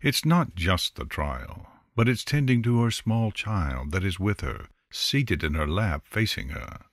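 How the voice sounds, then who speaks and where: Reading from a fantasy novel, the male narrator takes his time and gives an expressive, storytelling delivery in this scripted audiobook. His voice sits low, and the clean studio recording has no room sound.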